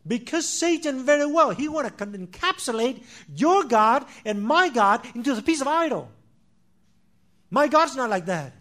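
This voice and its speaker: Male preacher, high voice, impassioned delivery with big swings in volume, repetitive emphasis. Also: big pitch swings, moderate pace. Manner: impassioned, swinging between loud declarations and hushed asides; repeats phrases for emphasis, addresses listeners as "my friend". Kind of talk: sermon.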